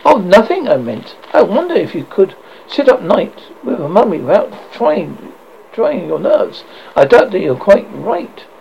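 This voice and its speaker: A man's voice: sits high, big pitch swings, measured pace, creaky, a little mellow, highs cut off, a little hiss or hum, exaggerated voice. A man voicing a jittery young student. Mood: nervous. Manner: jittery, self-reproaching. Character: shaken, nervous young male student.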